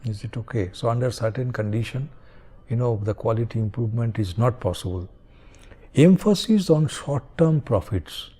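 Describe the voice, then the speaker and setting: A man's voice: medium pitch, lively intonation, normal speed, dark tone, slightly rough. A man giving a recorded university lecture, hesitant, with many fillers and frequent checks like "is it okay?".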